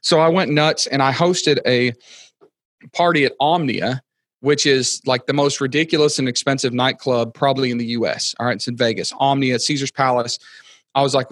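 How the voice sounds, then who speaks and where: An excitable man in his thirties chatting on a podcast, rambling from one story to the next. His voice sits in the middle of the range. The sound is dry and close, with no room echo. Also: medium pitch, normal speed. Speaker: podcast guest. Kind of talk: casual storytelling chat.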